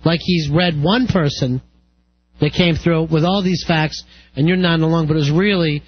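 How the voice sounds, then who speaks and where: A man's voice: fairly high pitch, steady tone, normal speed, breathy edge. A man hosting a radio talk show, skeptical and teasing with his guest. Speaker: radio host. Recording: dull lo-fi radio recording.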